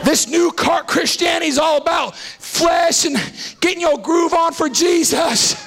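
A man preaching a fiery revival sermon as a visiting preacher, shouting and repeating lines for emphasis. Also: very high-pitched, unhurried, vocal fry, very noisy. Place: church sanctuary.

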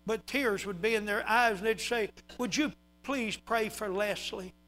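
A pastor preaching a sermon, his voice high-pitched and bright. He spins folksy stories with an emphatic, building delivery that swells toward exhortation. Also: unhurried, faint music behind, low-quality recording. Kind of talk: sermon storytelling.

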